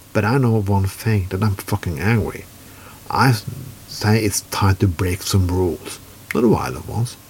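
Man, Norwegian accent, furious rant, heavy swearing, blunt, low-pitched voice. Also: a little hiss or hum. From Norway. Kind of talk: angry political rant.

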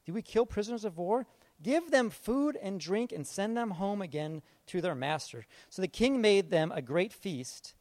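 Man, pastor, casual sermon, high voice, very lively pitch, acts out story figures. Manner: casual, animated, acts out Bible figures in quick asides.

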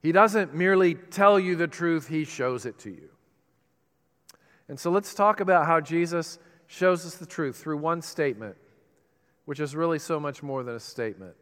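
Man, preacher, sermon, dramatic pauses, higher pitched, long reverb. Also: expressive, a bit bright, clear, resonant tone. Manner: dramatic pauses, rising emphasis, quotes scripture. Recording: reverberant hall.

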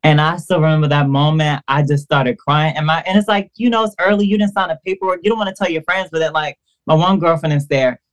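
Speaking fast with few pauses in a low voice, a woman guest on a podcast shares a personal story. She's animated and casual, full of fillers, and performs the quoted dialogue.

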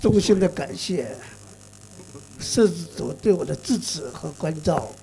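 A man guest giving a slow, halting, formal thank-you speech. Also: fairly high pitch, animated, gravelly, dark tone, faint music behind.

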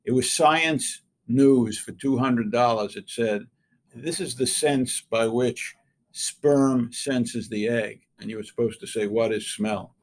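An older man, an interviewed scientist, telling an anecdote in a relaxed, wry way and acting out the quoted voices. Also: medium pitch, takes it slowly. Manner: wry storyteller who acts out quoted voices.

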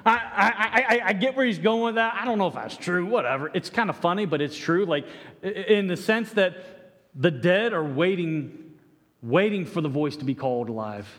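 A man's voice: high-pitched, expressive, normal speed, fairly bright tone. A man preaching a sermon with earnest, stammering restarts, acting out the quoted lines. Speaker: pastor. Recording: echoey hall reverb.

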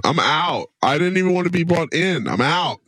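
A man rants and grumbles crudely on a sports podcast, wheezing a little between lines. His voice has a glitchy, low robotic distortion from his computer. It comes through a headset mic on an online call, sounding dry and close. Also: big pitch swings, normal speed, fairly bright tone, no echo. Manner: crude, grumbling, ranting, profane. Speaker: podcast co-host. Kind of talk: casual sports chat.

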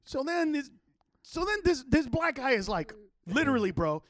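Man, casual chat, animated storyteller, high voice, very dry recording. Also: moderate pace, no echo. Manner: animated, profane storytelling with acted quotes.

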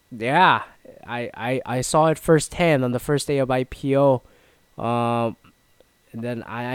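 A man's voice: clear, resonant tone, no room sound. Rambling, cursing man telling a story. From Canada. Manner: rambling, swears often, many restarts and fillers; mimics others in higher, louder voices. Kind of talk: casual storytelling monologue.

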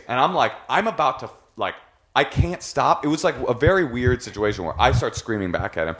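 Male guest storyteller, animated, bursts of shouted mimicry. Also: medium pitch, brisk. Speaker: podcast guest, film director. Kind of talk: casual storytelling chat.

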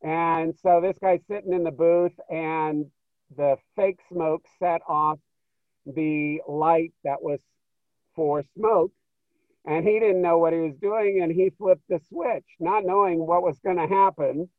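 A man guest in an interview, telling stories in an animated way and acting out what people said. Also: a little high, a little slow, no room sound. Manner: animated, acts out quoted dialogue. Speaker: interview guest, show producer. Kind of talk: storytelling interview. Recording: tinny phone line, dry.

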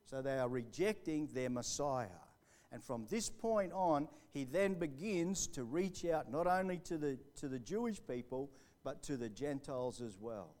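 A man preaching a sermon live in church, building to fervent emphasis and then dropping to a hushed storytelling voice. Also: mid-range voice, animated, normal speed. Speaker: pastor. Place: church hall, recorded live.

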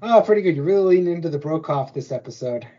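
Husky-voiced man co-hosting a podcast. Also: a little high, animated, fast talker, mellow. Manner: joking, chuckling. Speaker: podcast co-host. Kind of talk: casual podcast chat. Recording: muffled lo-fi audio.

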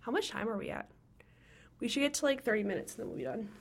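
A young woman co-hosting a podcast in casual chat, bubbly and excitable, often giggling. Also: on the high side, quick pace, slight background noise. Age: young adult. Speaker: podcast co-host.

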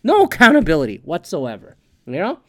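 A man's voice: fairly high pitch, wildly swooping pitch, fairly quick, pushed and bright, no room sound. A man hosting a podcast, ranting in heated, profane, sarcastic casual commentary. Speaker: podcast host.

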